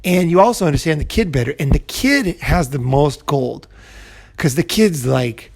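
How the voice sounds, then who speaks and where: A man's voice: a little high, expressive, moderate pace, vocal fry. A man giving a casual advice monologue as a video host, rambling with many restarts and asides. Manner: rambling, full of restarts and "you know". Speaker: self-help video host.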